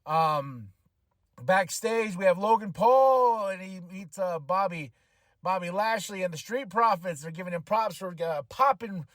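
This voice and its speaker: A man hosting a podcast, casually recapping a wrestling show, animated and quick to laugh as he acts out what the wrestlers said. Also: sits high, no echo. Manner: animated, acts out quotes in changing voices, laughs often. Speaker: podcast host.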